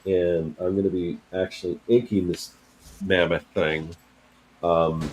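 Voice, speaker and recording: A man's voice: low voice, little pitch movement, darkish tone, a little hiss or hum, rough recording. A man, a comic artist, chatting casually and hesitantly while he works. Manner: hesitant, halting, talks while working. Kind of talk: casual chat.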